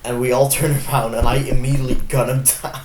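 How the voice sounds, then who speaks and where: A man's voice: medium pitch, level tone, quick pace. A young man in a casual chat, laughing and chiming in briefly. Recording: echoey room with noise.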